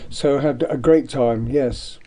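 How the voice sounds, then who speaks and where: A man's voice: medium pitch, slow pace, warm tone. An older man from Devon, an artist, reminiscing in a rambling radio interview with many ums. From Devon, England. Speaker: guest, artist. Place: radio studio.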